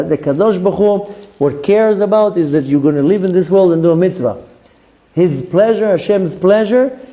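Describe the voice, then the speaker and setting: Earnest rabbi with a mellow, raised voice. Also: male voice, fairly high pitch, poor audio. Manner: earnest, repetitive emphasis with Hebrew terms. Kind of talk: Torah lecture.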